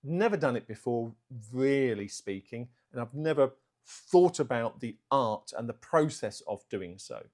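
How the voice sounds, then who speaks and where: A man's voice: mid-range voice, lively intonation, darkish tone. Man vlogging about his art channel. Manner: self-aware, practicing slow deliberate delivery with some fillers. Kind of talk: unscripted talk to camera. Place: indoors, room at home. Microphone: camera.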